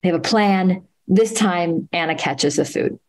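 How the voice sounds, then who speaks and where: Low-voiced woman retelling a story. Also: darkish tone, low-quality recording. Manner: earnest, halting, many "um"s and restarts. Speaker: author and interview guest. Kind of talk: conversational storytelling at a live talk.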